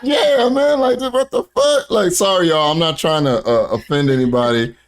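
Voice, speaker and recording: A man's voice: sits high, normal speed. A man hosting a stream, commenting on clips in a chatty, profane way and laughing often. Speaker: streamer host. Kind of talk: casual commentary over clips.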